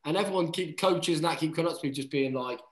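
A man in his thirties, a guest on a podcast, telling stories in animated casual chat. He swears freely and keeps saying "mate.". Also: on the high side, quick pace. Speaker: guest, rugby player. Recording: roomy echo.

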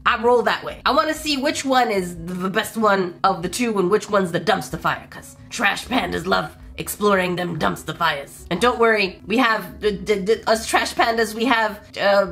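Bright, playful woman gaming host. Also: moderate pace, vocal fry, hardly any pauses, soft background music. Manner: playful and expressive, big jumps in pitch; jokey asides to the viewers. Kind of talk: casual mobile game let's play commentary.

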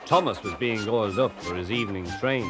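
A man narrating a children's story in a gentle, expressive way. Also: on the low side, fairly quick, over music.

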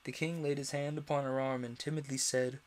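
A man reading a classic children's story aloud in an expressive way, with the odd slip. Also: mid-range voice, brisk. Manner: expressive, animated read-aloud with small slips. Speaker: storyteller, streamer.

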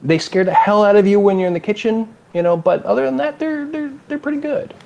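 In a relaxed interview, a California-born game designer with a Californian accent animatedly tells stories and performs the quotes of the people in them. His voice sits high and creaky, he speaks at a quick pace, and the audio is dull.

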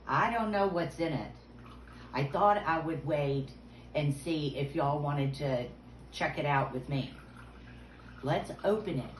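Woman preschool teacher, unhurried and playful, slipping into hushed whispers; echoey room recording. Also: low voice. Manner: playful and animated, dropping to hushed whispers for suspense. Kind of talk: video lesson for young children. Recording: roomy sound with faint background noise.

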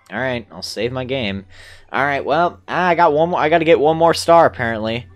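A young man talking through a video game as he plays, chatty and easily excited. his pitch swings widely and jumps high when something goes wrong. faint game music plays underneath. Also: unhurried. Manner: chatty, excitable, mild swearing substitutes. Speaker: gamer. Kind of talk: casual gameplay commentary.

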